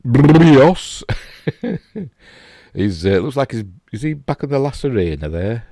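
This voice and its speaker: A man's voice: lowish voice, sing-song, a little fast, warm tone, dry recording, studio quality. A middle-aged man with a Yorkshire accent, rambling casually and chuckling as he comments on pictures. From England. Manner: chatty, rambling, chuckling asides. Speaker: host.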